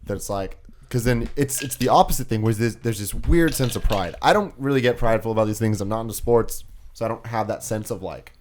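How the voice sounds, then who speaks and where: A man's voice: on the low side, a little fast, a little mellow. A young man from San Francisco, co-hosting a casual podcast chat in a reflective, self-mocking way. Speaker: podcast co-host.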